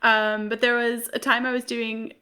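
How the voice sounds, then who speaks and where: A woman's voice: on the high side, level tone, moderate pace, sharp tone. A woman co-hosting a podcast, chatting casually with giggles and rambling stories. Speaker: podcast co-host. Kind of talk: casual chat.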